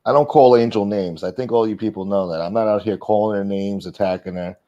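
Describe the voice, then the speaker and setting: A man's voice: on the low side, fairly even intonation, fairly quick, warm tone. A man hosting his own livestream, talking casually in a defensive, profane rant aimed at his critics. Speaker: livestream host. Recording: dull lo-fi stream audio.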